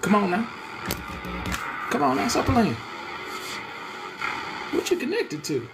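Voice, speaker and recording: A man's voice: very high-pitched, wildly swooping pitch, slow, creaky, over music. A man hosting a comedic news show in a loose, rambling monologue, laughing at his own jokes.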